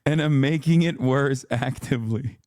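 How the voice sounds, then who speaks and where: A man's voice: medium pitch, normal speed, a little mellow, no room sound, clean studio sound. A man streaming from home, chatting casually with his viewers in a brash, profane way and laughing often. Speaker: streamer reacting to a video. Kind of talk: casual live-stream chat.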